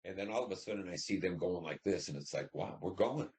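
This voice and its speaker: Very deep-voiced older man telling war stories. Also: fast, darkish tone. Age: 70s. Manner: rambling, blunt and profane, with many restarts. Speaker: veteran recounting war service. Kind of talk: oral history storytelling.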